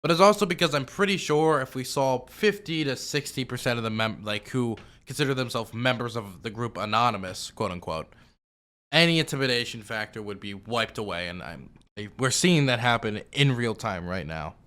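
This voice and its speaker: A man's voice: mid-range voice, animated, normal speed, fairly bright tone. A man giving casual, sarcastic reaction commentary as a streamer, rambling with lots of fillers.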